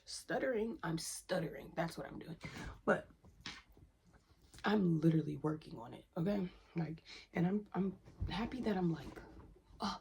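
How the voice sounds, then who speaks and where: A woman's voice: fairly low pitch, normal speed, gravelly, darkish tone, breathy edge. A young woman venting to camera in a candid self-help rant, profane and emphatic, repeating lines for stress and dropping into whispers. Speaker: vlogger.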